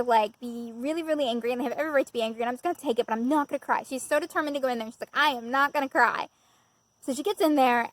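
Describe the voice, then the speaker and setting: High-voiced woman telling a story. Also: low-quality recording. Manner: chatty and self-mocking, with frequent laughter. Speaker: vlogger. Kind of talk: casual storytelling. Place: outdoors.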